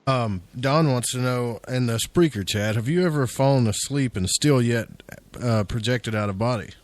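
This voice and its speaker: A man's voice: medium pitch, normal speed. A man hosting a radio talk show, chatty and telling his own story, often asking "right?". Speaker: radio host. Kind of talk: casual radio interview.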